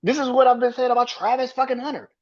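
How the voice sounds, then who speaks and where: A man's voice: extremely high pitch, steady tone, fast, muffled recording. A man hosting a solo sports podcast, ranting with heated profanity and arguing back at imagined critics. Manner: emphatic, argues with imagined critics.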